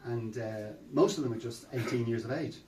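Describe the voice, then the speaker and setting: A man's voice: medium pitch, normal speed, dark tone, slight background noise. An older Irish man giving a chatty storytelling talk at a temple, full of fillers and repeats. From Ireland. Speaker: preacher. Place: temple hall. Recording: roomy sound from a distant mic.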